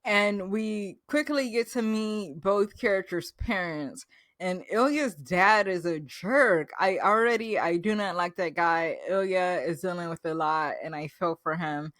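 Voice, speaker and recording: A woman's voice: on the low side, measured pace, a bit bright, dry recording, studio quality. A woman vlogger recapping a show in a gushing, enthusiastic, chatty way, full of fillers. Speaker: reaction vlogger. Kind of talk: casual reaction recap.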